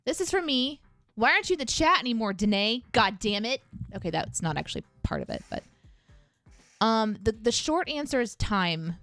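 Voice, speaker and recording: A woman hosting a live stream and chatting quickly through questions from her chat. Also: a little high, very animated, a bit bright, no room sound, faint music behind. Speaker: streamer host.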